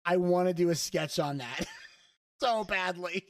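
A woman's voice: fairly low pitch, measured pace, no room sound. A woman co-hosting a podcast, chatting in a wry, easygoing way. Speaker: podcast co-host. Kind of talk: casual podcast chat. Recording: dry, distant mic.

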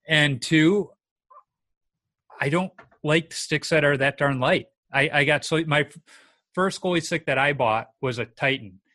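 A man's voice: fairly high pitch, measured pace, sharp tone. A man hosting a casual interview, easygoing, asking questions and sharing his own stories. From Minnesota. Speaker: podcast host interviewing a guest.

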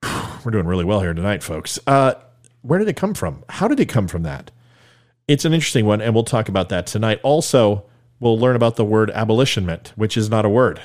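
A man hosting his own podcast, talking solo in a joking, sarcastic way with quick asides. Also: fairly low pitch, sing-song, darkish tone. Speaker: podcast host. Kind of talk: solo comedic podcast monologue.

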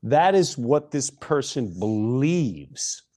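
A middle-aged man hosting a podcast, delivering an impassioned monologue and hammering single words with long pauses between them. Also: medium pitch, sing-song, darkish tone. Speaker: podcast host.

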